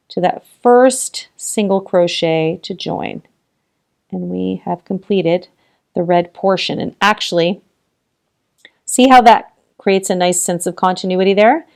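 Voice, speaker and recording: A woman with a mid-pitched voice and a gravelly edge leads a relaxed crochet lesson. She chats through each step and counts stitches out loud. She keeps reassuring the viewer with an easy, friendly tone. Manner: chatty and encouraging, counting stitches aloud, laughs often. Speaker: crochet tutorial host. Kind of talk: casual step-by-step crochet demonstration.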